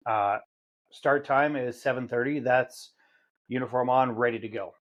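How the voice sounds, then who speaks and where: A man's voice: mid-range voice, measured pace. A man on a podcast casually recounting a workplace problem, loose and plain-spoken. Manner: plain storytelling, loose with fillers.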